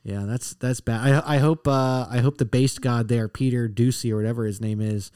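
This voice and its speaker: A man's voice: medium pitch, steady tone, moderate pace, a little mellow, smooth, dry recording, clean studio sound. A man co-hosting a casual political podcast, blunt and profane, often mocking people with put-on quotes. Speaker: podcast co-host.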